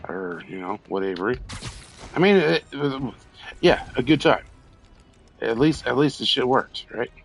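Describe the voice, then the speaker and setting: Slow, gravelly drunk male streamer. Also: medium pitch, animated, faint music behind. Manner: rambling, stammering, swearing at enemies. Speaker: streamer playing a video game. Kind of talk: casual drunk gameplay commentary.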